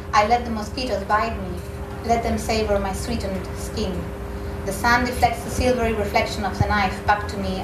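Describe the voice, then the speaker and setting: A woman reading a novel excerpt aloud at a literary event, in a measured, expressive way. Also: medium pitch. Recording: echoey room, mic far off, background noise.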